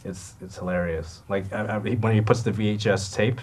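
A young adult man from Canada, an actor telling animated stories about his work and acting out the people in them. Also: fairly low pitch, a little fast. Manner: lively storyteller who acts out quoted voices and laughs often. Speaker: actor guest.

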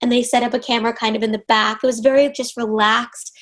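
A young woman from Los Angeles, in her twenties, recounts her career in a chatty, earnest interview. Her voice sits a little high, and she gushes, often stopping to restart a thought. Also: flat delivery, quick pace, low-quality recording. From Los Angeles, USA. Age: 20s. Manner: earnest, effusive, with frequent restarts. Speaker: actress, interview guest. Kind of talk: conversational interview storytelling.

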